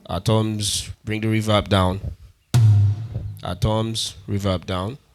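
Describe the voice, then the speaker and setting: A man's voice: on the low side, little pitch movement, slow, over music. A man hosting a keyboard tutorial, counting beats aloud and repeating his steps patiently. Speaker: music tutorial host. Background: keyboard instrument sounds.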